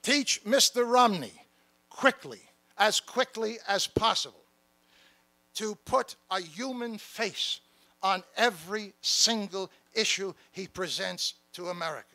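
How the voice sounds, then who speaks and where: A man's voice: high voice, slow, pushed and bright, exaggerated voice. A man playing a fiery revolutionary founding father, giving an impassioned, emphatic political speech from a stage at a podium microphone. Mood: rousing. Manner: impassioned, emphatic, calls out to the crowd. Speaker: keynote speaker. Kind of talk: rousing political speech in character. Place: stage at a large gathering.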